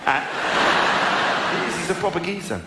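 A young man with a posh southern English accent doing a stand-up set on stage, plummy and self-mocking as he tells animated stories. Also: high voice, unhurried. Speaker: stand-up comedian. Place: large arena stage. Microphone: stage microphone. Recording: echoey arena with crowd noise.

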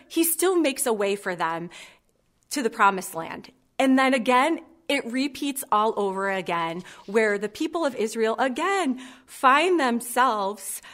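A woman's voice: fairly high pitch, fairly bright tone. A woman in her thirties giving a heartfelt, personal sermon. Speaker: preacher.

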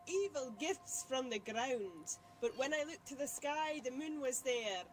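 A woman's voice: high voice, lively intonation, a little slow, faint music behind. A woman playing the leader of a commune, giving a formal ceremonial speech in a put-on accent for a game role-play. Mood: solemn. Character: woman leading a commune, solemn ceremonial speaker.

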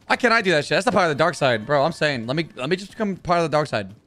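A young man doing let's play commentary, with loud, swearing, frustrated outbursts at the game. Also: a little high, sing-song, rapid-fire, noisy background. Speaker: gaming YouTuber.

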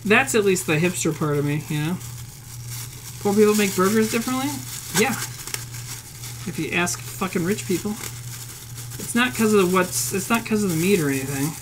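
A woman's voice: mid-range voice, animated, normal speed, long pauses, noisy background. A woman with a Northern Plains Midwestern accent chatting bluntly on a cooking stream, swearing freely and answering her chat as she cooks in a home kitchen. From Upper Midwest, United States. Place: home kitchen with food frying. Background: faint sizzling and frying.

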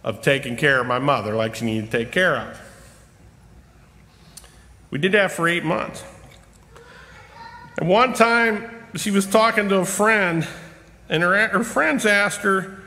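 A middle-aged man with a high, bright, forceful voice preaches a storytelling sermon, joking at his own expense and drawing out key words with slow pauses. His voice carries a long church-hall reverb. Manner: humorous, self-deprecating, with slow emphatic pauses. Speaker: lay preacher. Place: church sanctuary.

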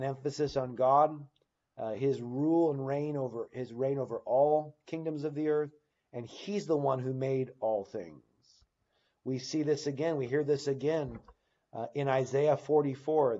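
A man's voice: medium pitch, unhurried, warm tone, dull audio. A man teaching a church Bible class without a script, stopping to restart his phrases and reading scripture passages aloud with emphasis. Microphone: recording device on battery.

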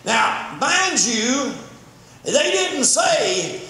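A man's voice: high voice, very animated, a little slow, vocal fry, a bit bright. An older man preaching a sermon, telling a story fervently with repeated words. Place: church sanctuary. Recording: very echoey church, faint background noise.

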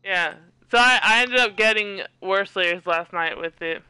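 Bright, crisp-voiced giggly woman streamer. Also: mid-range voice, unhurried, no room sound, poor audio. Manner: giggly, teasing, reads chat aloud. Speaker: live streamer. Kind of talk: casual live-stream chat.

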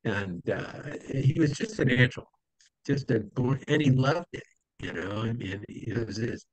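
An interview guest, this man tells old stories in a casual, rambling way, filling his talk with fillers and acting out the people he quotes. His medium-pitched voice is animated and unhurried. The recording is dry and rough.

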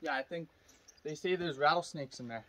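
A man's voice: fairly high pitch, a little fast, pushed and bright. A young man chatting casually on a hike, heard off-mic outdoors with dry, teasing remarks. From Canada. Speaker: hiking companion. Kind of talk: casual chat. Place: outdoors on a hiking trail.

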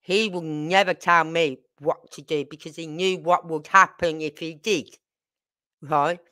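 A middle-aged woman tells stories in a blunt, salty way, talking straight to her viewers. Her voice sits a little low but comes across bright and forceful, and she acts out what people said as she goes. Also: fairly even intonation, unhurried. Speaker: channel host. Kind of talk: casual storytelling to camera.

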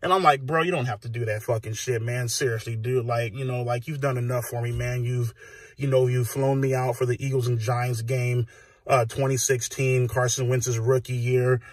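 Husky man ranting profanely into a phone. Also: mid-range voice, steady tone, normal speed, no room sound. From United States. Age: 30s. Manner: heated, swearing rant with filler phrases. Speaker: vlogger. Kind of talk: profane rant to camera. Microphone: phone recording.

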